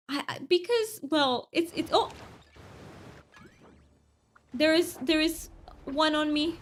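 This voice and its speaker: A woman's voice: high-pitched, takes it slowly, pauses often, slight background noise. Chatty young woman streamer. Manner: chatty, rambling, giggly. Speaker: game streamer. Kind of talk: casual chat while gaming.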